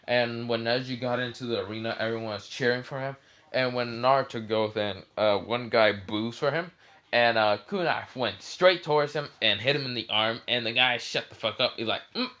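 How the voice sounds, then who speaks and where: A man's voice: mid-range voice, normal speed, fairly bright tone. A young man casually retelling a fan story. He rambles with many fillers and self-corrections.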